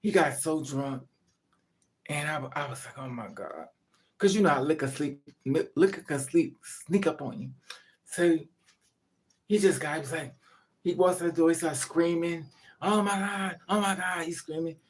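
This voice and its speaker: A woman's voice: sits low, normal speed, darkish tone. A woman vlogger telling a rambling, profane story in casual chat to her viewers.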